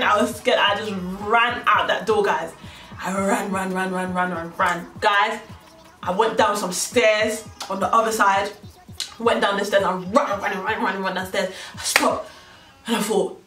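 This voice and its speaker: A young woman telling a personal story on her vlog in an animated way, often talking straight to her viewers. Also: mid-range voice, normal speed. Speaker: vlogger. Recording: echoey room, distant mic, faint music.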